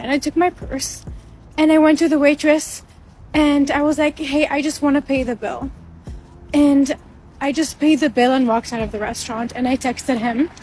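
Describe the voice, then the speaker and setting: Woman storyteller, high voice, animated retelling, faint music bed. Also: poor audio. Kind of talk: storytime clip.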